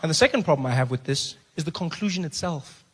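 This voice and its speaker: Animated comedian, high voice. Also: male voice, fast talker, breathy edge. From South Africa. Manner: animated, acts out other voices, shouts at the crowd. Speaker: stand-up comedian. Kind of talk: stand-up comedy set. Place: comedy club stage.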